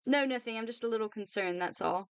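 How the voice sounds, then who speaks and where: A woman reads as a downhearted young man in a storybook reading, glum and halting. Her voice stays smooth and clear, close and dry. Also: a little high, no echo, lightly acted.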